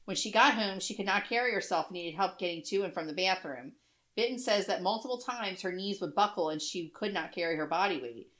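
A woman's voice: mid-range voice, animated, a little fast, fairly bright tone. Chatty woman gushing in casual talk. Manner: gushing, chatty, laughs often. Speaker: podcast co-host. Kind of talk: casual chat.

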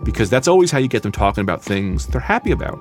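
A man's voice: mid-range voice, big pitch swings, quick pace, soft background music. A man, a comedian, telling a personal story in a casual, conversational way with loose phrasing.

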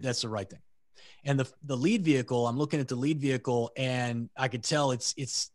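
Animated man telling war stories. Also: no echo, studio quality. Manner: animated storyteller, swears freely, voices comrades in a high excited pitch. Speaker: podcast guest, military veteran. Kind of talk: casual storytelling.

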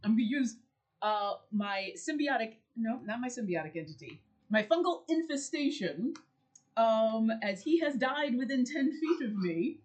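A woman takes her turn in a tabletop role-playing game with a fairly high voice that bounces all over its range. She sounds excitable and casual, piling quickly from one thought to the next. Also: rough recording. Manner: excitable, animated. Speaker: player.

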